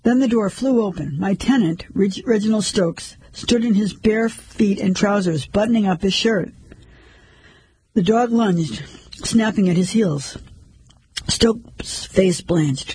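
A man narrating a first-person story in a measured, steady way. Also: sits high, husky, low-quality recording.

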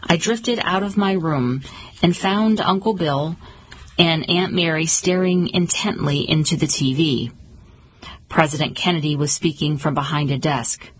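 Female audiobook narrator, low husky voice, steady measured delivery. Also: low-quality recording. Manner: calm, measured storytelling.

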